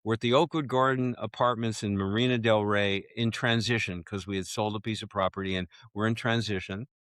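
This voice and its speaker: A man in his seventies, a guest author telling a personal story in an interview, animated and acting out the voices of people he quotes. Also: on the low side, brisk, no room sound. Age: 70s.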